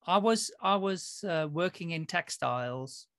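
A man's voice: a little high, animated, measured pace, fairly bright tone, dry recording, clean studio sound. A middle-aged man from the Netherlands, hosting a podcast and telling stories in a chatty way, laughing often. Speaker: podcast host. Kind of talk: casual interview chat.

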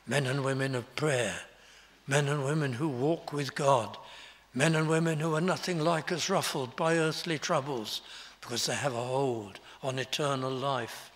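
Slow, bright-voiced preacher in a reverberant church hall. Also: male voice, a little high. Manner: slow, emphatic preaching with rising intensity; quotes scripture in old-fashioned wording. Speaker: pastor. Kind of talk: sermon.

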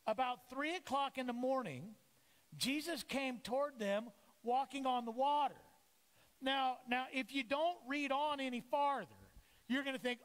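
High-voiced pastor in an echoey church. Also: male voice, a little slow. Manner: animated, acts out voices of the disciples and Jesus. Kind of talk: lively sermon. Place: church sanctuary.

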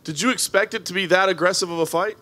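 A reporter at a press conference asks a fighter polite, long-winded questions. His voice sits somewhat high for a man. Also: quick pace, pushed and bright.

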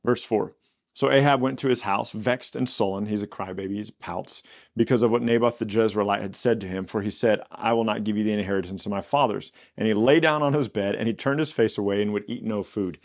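A man hosting a Bible study podcast, reading scripture aloud and breaking off into casual, animated asides. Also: on the low side, brisk, creaky. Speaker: Bible teacher.

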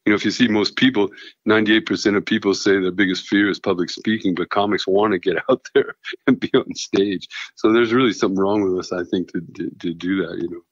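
A middle-aged man telling stories in casual chat, halting and full of restarts, with a self-deprecating manner. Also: on the low side, fairly even intonation, dry recording. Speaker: guest comedian and veterinarian. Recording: dull lo-fi sound.

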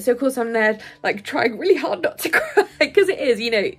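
A woman's voice: a little high, animated, a little fast, few pauses, soft background music. A woman vlogging candidly, chatty and rambling, laughing often and easily moved. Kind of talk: candid personal vlog.

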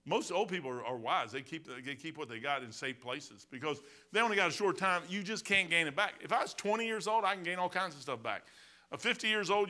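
Older Midwestern pastor, bright slightly high voice, animated storytelling sermon. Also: male voice. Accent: Midwestern American. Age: 60s. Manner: animated storytelling preacher, swinging from loud exclamations to quiet asides.

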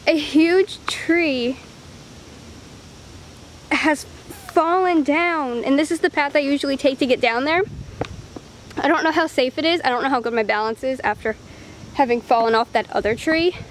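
Young woman, high voice, out of breath, rambling vlog chat, outdoors, faint background noise. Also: normal speed, pauses often. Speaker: vlogger and dancer. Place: outdoors in overgrown woods.

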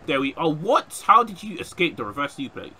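A young man giving casual, excitable gameplay commentary, often shouting at opponents. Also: fairly high pitch, fairly quick, slight background noise. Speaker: gaming YouTuber.

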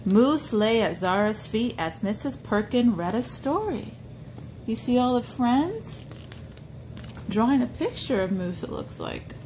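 A woman's voice: a little high, lively intonation, a little slow, darkish tone, a little hiss or hum. A woman reading a picture book aloud to a small child, coaxing and pointing things out with questions. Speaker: storybook reader for a child.

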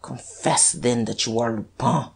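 A woman's voice: rumbling low, steady tone, measured pace, slightly rough, full character voice. A woman reading the lines of a desperate, rattled police detective who snarls and stammers defiantly.

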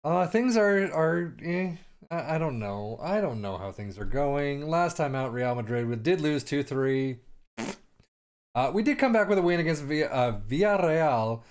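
A man's voice: a little high, very animated, measured pace, a little mellow. A man casually commenting on his own soccer management game, sarcastic and rambling, sometimes slipping into a mock announcer voice. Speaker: gaming commentator.

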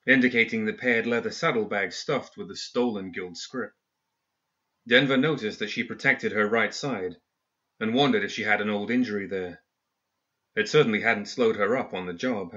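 Bright-voiced male audiobook narrator. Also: fairly low pitch. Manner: measured storytelling delivery. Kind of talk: audiobook story reading. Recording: dull lo-fi recording.

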